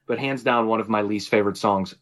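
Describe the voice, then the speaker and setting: A man's voice: fairly low pitch, steady tone, fairly quick. A man co-hosting a podcast in casual chat, telling a story animatedly with frequent swearing and laughter. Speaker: podcast co-host.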